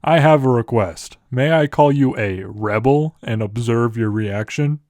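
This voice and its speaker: A man's voice: medium pitch, unhurried, a little mellow, no room sound, studio quality, close to an everyday voice. A man voicing a pompous, formal elderly British statesman who talks down to people. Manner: formal and condescending.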